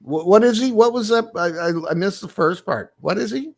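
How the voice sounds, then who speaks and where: A man's voice: high voice, animated, normal speed, creaky. A man hosting a loose comedy show, chatting casually and laughing often. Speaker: host.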